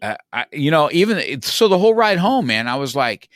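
A man's voice: on the high side, big pitch swings, a little fast, a bit bright, no echo, clean studio sound. A middle-aged man, a podcast guest, telling a story in casual chat, rambling with many restarts and "you know, man.".

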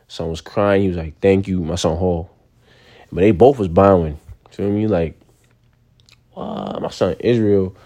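A young man from New rants in a loose, slang-heavy way. His voice is dark and mellow but swings wildly in pitch, jumping into squeaky outbursts. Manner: animated, slangy, sudden high-pitched outbursts. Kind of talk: casual rant to camera.

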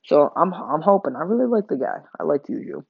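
A man's voice: on the high side, big pitch swings, brisk, creaky, slightly rough, dry recording. A man hosting a sports podcast, rambling through game predictions with lots of fillers and self-corrections. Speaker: podcast host. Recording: dull lo-fi home mic.

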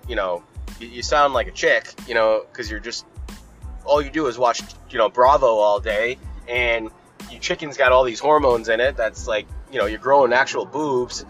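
A man's voice: mid-range voice, moderate pace, fairly bright tone, faint music behind, poor audio. A young man hosting a podcast, ranting in a casual, profane, rambling and opinionated way. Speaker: podcast host.

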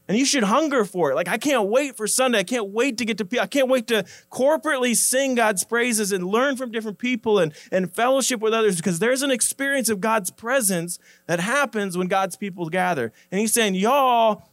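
A man preaching a sermon in a casual, conversational way, often repeating words and slowing down to stress scripture quotes. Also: high voice, dry recording. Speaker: pastor.

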